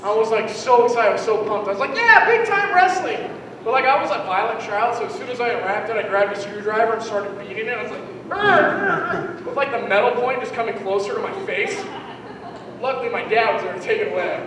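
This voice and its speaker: High-voiced man doing stand-up in an echoey hall. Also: steady tone, fast, background noise. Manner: rambling, self-mocking, riffs with the crowd. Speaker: stand-up comedian. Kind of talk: stand-up set. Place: live comedy venue with an audience. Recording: echoey hall recorded from far off.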